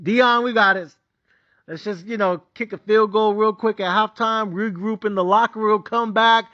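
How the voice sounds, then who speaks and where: High, bright-voiced ranting man with a Mexican accent. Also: fairly even intonation, moderate pace, highs cut off. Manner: profane, heated ranting. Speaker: sports betting host. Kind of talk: ranting betting recap.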